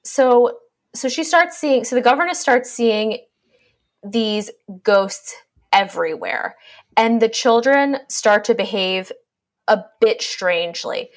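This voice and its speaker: A woman's voice: on the high side, expressive, slow pace. A woman on a podcast casually summarizing a story, irreverent and swearing freely as she jokes along. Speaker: podcast co-host. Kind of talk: casual book discussion chat.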